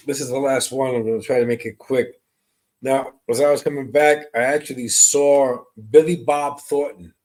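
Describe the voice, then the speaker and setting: Man giving a slow psychic reading. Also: medium pitch. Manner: slow, searching descriptions, greets and answers viewers' comments. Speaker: psychic medium. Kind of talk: live online mediumship reading.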